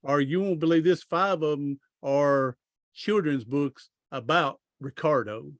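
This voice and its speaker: A man's voice: a little high, a little slow, no room sound. A middle-aged man, a podcast guest telling long stories in a rambling, folksy way, often restarting his sentences. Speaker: podcast guest, author and speaker. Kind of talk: casual storytelling interview.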